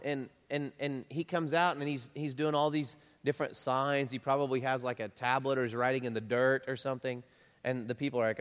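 A man preaching a conversational sermon, lively and chatty, chuckling often and repeating himself as he talks to the congregation. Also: medium pitch, normal speed. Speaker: pastor. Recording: long reverb of a large hall.

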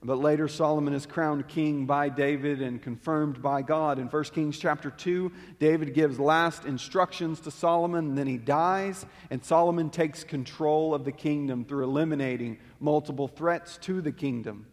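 A man's voice: fairly high pitch, fairly even intonation, moderate pace, few pauses. Preaching man in an echoing hall. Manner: earnest teaching, reads passages with rising emphasis. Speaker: pastor. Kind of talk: sermon with scripture reading. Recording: long hall reverb.

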